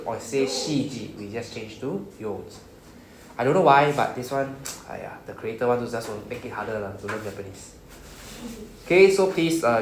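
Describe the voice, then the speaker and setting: A mid-range male voice with a Singaporean English accent teaches beginner Japanese, explaining patiently and checking in with "right?" after every point. The recording is rough, in an echoey room with slight background noise.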